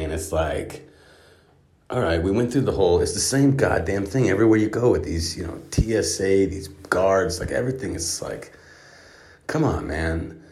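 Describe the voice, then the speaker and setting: A man's voice: sits low, darkish tone. A man telling a profane comic story in an exasperated, ranting way, with heavy swearing. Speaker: comedic storyteller.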